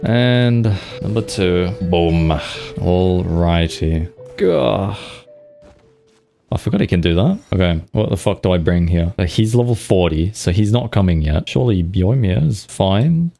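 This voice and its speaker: A man's voice: sits low, lively intonation, measured pace, gravelly, mellow, soft background music. A young man giving casual, swear-laden gameplay commentary with playful sound effects. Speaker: gaming streamer.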